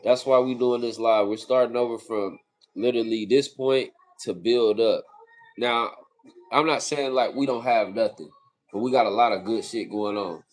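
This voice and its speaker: A man's voice: medium pitch, steady tone, moderate pace. A man from California co-hosting a casual livestream, talking earnestly and often repeating phrases. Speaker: livestream co-host.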